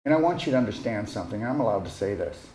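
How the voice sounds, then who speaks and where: A man's voice: on the low side, lively intonation, very fast, warm tone. A man giving a casual, earnest motivational talk as a wellness retreat host, coaxing his listeners and often checking in with "okay?". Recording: echoey room.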